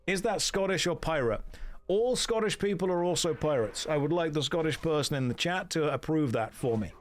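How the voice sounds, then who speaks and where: A man's voice: on the high side, animated, a little fast. A man streaming a video game who gives sarcastic, joking commentary and answers his live chat.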